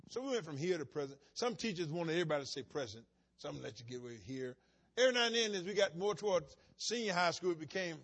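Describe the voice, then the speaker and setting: A man preaching a sermon, swinging between soft conversational asides and sudden shouted, rising emphasis. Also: a little high, expressive, fairly quick, gravelly, breathy edge. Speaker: pastor.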